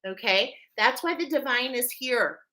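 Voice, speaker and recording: Woman card reader going live: bright, emphatic delivery, emotional, preacher-like, always checking in with listeners. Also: on the high side, animated, a little slow, rough recording. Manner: emphatic, checks in with "okay?" constantly. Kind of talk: live oracle card reading.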